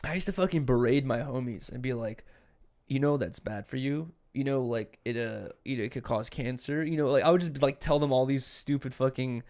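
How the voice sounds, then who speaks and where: A young Californian man co-hosts a podcast, spinning laid-back, profane stories in casual chat and acting out people's lines. His voice is mid-range, brisk, and a little mellow.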